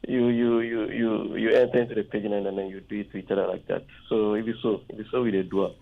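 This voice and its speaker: A man's voice: fairly low pitch, flat delivery, quick pace, vocal fry. A man with a Ghanaian English accent calling in to a radio show, explaining his point earnestly and checking with rhetorical questions. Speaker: caller. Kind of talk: phone-in call. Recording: muffled phone line.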